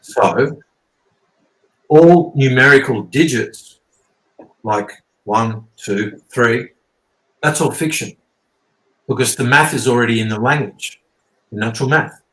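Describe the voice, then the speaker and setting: A man's voice: medium pitch, takes it slowly, pauses often, fairly bright tone. A man, rambling and swearing as he explains things casually, often checking in with "okay?". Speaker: guest teacher. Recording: roomy echo.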